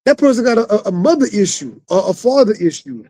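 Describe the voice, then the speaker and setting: A man's voice: high-pitched, big pitch swings, quick pace, mellow, no echo, rough recording. A man hosting a talk show, speaking in a thoughtful, conversational way. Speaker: host. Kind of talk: casual talk show chat.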